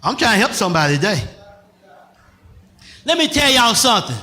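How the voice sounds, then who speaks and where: A male pastor preaching a sermon, swinging from loud shouted lines to soft asides with bursts of laughter. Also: high voice, sing-song, brisk, long pauses.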